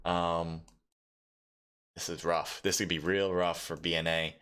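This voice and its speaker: A man casting a live mobile esports match solo, chatty and rambling, with lots of fillers and sudden bursts of excitement. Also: low voice, unhurried, clear, resonant tone. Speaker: esports caster and streamer. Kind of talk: solo live game commentary.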